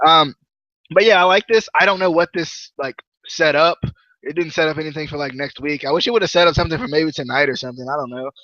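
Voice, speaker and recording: A man hosting a podcast, chatting casually and jokily about a wrestling show in a rambling, animated way. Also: fairly high pitch, fast talker, no echo, highs cut off. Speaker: podcast host. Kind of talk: casual wrestling review chat.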